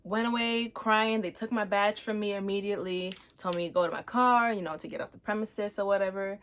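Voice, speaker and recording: A young adult woman with a mid-range voice shares a personal testimony as host of her own show. She speaks in a casual, slangy way. When she quotes her past self, her voice jumps up and becomes more animated. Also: brisk. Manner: acts out her own quoted words with lively pitch jumps; casual slang, relaxed everyday phrasing.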